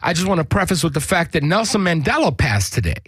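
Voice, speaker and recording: A man's voice: on the high side, big pitch swings, quick pace, a bit bright, husky, no room sound. A man co-hosting a podcast, swearing often and rambling through casual chat with many restarts. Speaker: podcast co-host.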